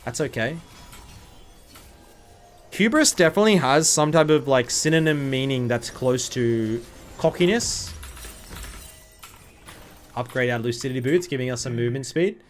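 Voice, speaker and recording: A man's voice: mid-range voice, expressive, moderate pace, long pauses, faint music behind. A young man, jet lagged, rambling through casual gameplay commentary as a streamer with joking, sarcastic asides.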